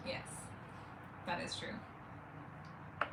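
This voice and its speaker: This woman, in her 40s and from Saint Louis, talks slowly in a bright, forceful voice while co-hosting a watch party. She giggles, rambles, and keeps breaking off her own sentences. The audio is noisy and roomy, with the mic set far away.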